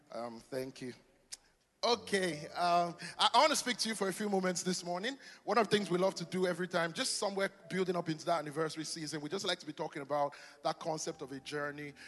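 Animated male pastor in a reverberant church. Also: fairly high pitch. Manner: animated, chatty, jokes with the congregation. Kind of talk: sermon. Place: church hall with long reverb. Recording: live church hall reverb.

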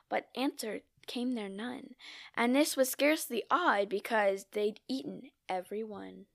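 A woman reciting a classic narrative poem in a measured, theatrical way, now and then dropping to a whisper. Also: a little high, creaky. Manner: measured, theatrical reading with sudden drops to a whisper. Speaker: poetry reader. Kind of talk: poetry recitation.

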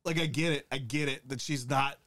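A man's voice: medium pitch, fairly even intonation, fairly quick, fairly bright tone. A man co-hosting a true-crime podcast, chatting casually and ranting in a profane, opinionated way. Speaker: podcast co-host.

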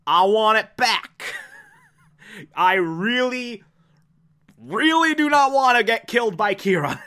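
A man's voice: high-pitched, lively intonation, slow, pushed and bright, voice pushed up, full character voice. A man voicing a brash young male rival who talks in a pushy, insistent way. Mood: pushy nervous. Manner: pushy and insistent, repeats himself.

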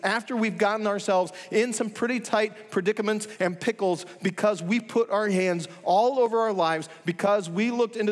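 A man delivers a sermon in a somewhat high voice, building his points with one rhetorical question after another. He speaks with steady emphasis. His words trail off into the long reverb of a large church hall. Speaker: pastor.

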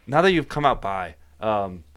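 A man's voice: fairly low pitch, very animated, moderate pace, a bit bright, clean tone. A young man hosting a podcast, telling stories in a casual chat with lots of fillers and laughter. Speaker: podcast host.

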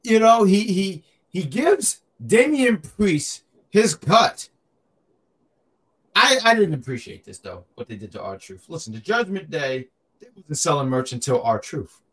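A man's voice: fairly high pitch, sing-song, a little slow, a bit bright, husky. A man co-hosting a podcast, chatting casually and animatedly, joking and often repeating himself. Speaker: podcast co-host. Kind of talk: casual wrestling chat.

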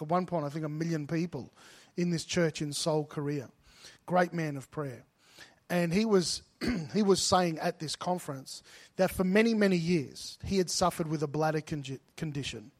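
A middle-aged man preaching in a slightly high voice. He tells stories from the pulpit and climbs to loud, emphatic peaks. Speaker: pastor. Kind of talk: sermon.

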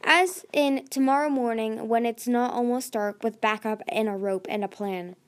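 A sturdy, kindhearted young male dragon who speaks gently and earnestly, as a woman reads him. His voice sits a touch high. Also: moderate pace, natural voice. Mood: firm.

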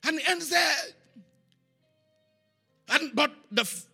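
A preacher's voice is high, bright and ringing yet gravelly as he slowly delivers a sermon. He recounts his story with animation, chanting syllables and repeating phrases for emphasis, while faint music plays softly behind him.

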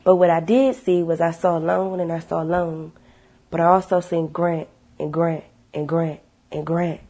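A woman sharing her life story with viewers in a casual, animated testimony, blunt and swearing freely. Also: lowish voice, a little slow, husky.

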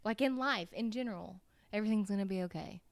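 A woman co-hosting a podcast in casual chat, animated and quick to laugh. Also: medium pitch, no echo. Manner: animated, laughs often, gets loud when joking. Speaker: podcast co-host.

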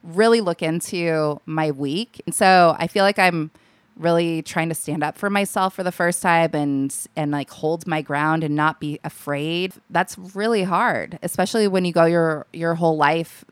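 Young woman guest, lowish smooth voice, dry close mic, chatty with lots of likes. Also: a little slow, dry recording. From Alaska. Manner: chatty, laughs often, many likes and restarts. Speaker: podcast guest, comedy writer. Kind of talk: casual chat.

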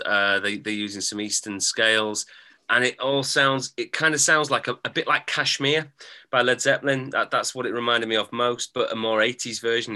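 A man's voice: mid-range voice, pushed and bright. An English man with a mixed northern and southern accent, co-hosting a music podcast in casual chat, thoughtful and a bit hesitant, laughing easily. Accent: English, mix of northern and southern. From England. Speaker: podcast co-host.

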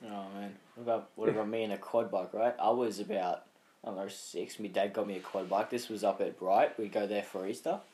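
A man's voice: on the low side, steady tone, a little fast, dark tone. A young Australian man co-hosting a podcast, telling rambling stories in casual chat and acting out other people's voices. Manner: rambling storyteller, acts out voices. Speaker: podcast co-host.

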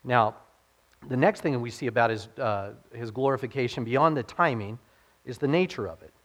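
A man's voice: medium pitch, moderate pace, a bit bright. A man pastor giving a conversational sermon, posing rhetorical questions to the congregation and dropping his voice to quote scripture.

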